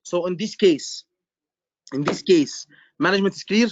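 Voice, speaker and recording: This is a man, tutoring medical exam candidates in a live session. His voice sits notably high for a man, and he drills the class with repeated questions and emphatic points. The sound is dry and slightly muffled. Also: normal speed, no echo. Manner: repetitive, quizzing students, emphatic. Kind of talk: live online lecture.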